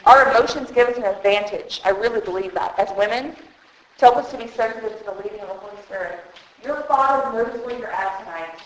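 Speaking a little fast at a medium pitch, a woman gives an emotional, earnest sermon to the women gathered at a conference. She holds a microphone in her hand, and her words bounce around a very echoey hall.

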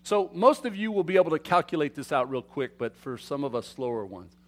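A man preaching a sermon to his congregation, swinging between loud emphatic declarations and quiet asides, often asking them questions. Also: on the high side, big pitch swings, brisk. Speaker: pastor. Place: church sanctuary.

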